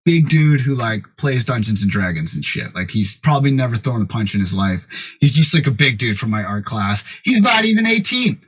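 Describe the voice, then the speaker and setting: Husky, profane storytelling man. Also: fairly low pitch, expressive, brisk, poor audio. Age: late 30s. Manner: profane, rambling, lots of "like". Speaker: podcast guest, music producer and DJ. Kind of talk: casual storytelling chat.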